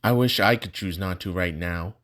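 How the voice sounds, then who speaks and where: A man's voice: sits low, moderate pace, a bit bright. A man voicing an angry young male student who speaks bitterly about his troubles. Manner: bitter, brooding.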